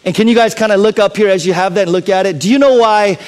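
A man delivers a sermon with a fairly high voice that carries a long reverb through a large hall. He swings between loud, emphatic bursts and hushed asides that drop almost to a whisper. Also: fast, clean tone. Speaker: pastor.

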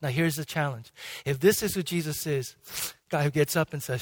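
A male pastor preaching a sermon with emphatic swings between loud and hushed delivery, and frequent restarts. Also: fairly high pitch, normal speed. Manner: frequent restarts and "okay?" checks. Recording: long hall reverb.

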